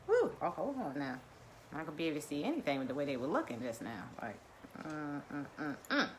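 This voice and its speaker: A middle-aged woman hosting a wellness video, leading guided breathing and chatting in a lively, playful way. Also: mid-range voice, normal speed, a little hiss or hum. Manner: lively, playful, drawls and chuckles. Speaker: wellness vlogger. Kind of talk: guided breathing and casual chat.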